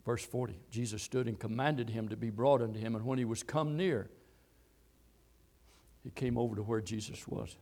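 A man preaching a sermon, quoting scripture and repeating phrases, swinging between loud, high exhortation and low, quiet telling. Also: normal speed. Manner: reads and quotes scripture verses.

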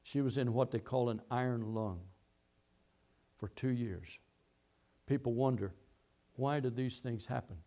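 A middle-aged pastor delivers a sermon built around a long story, repeating key phrases as he goes. His medium-pitched voice has a dark tone, moving a little slowly with long pauses.

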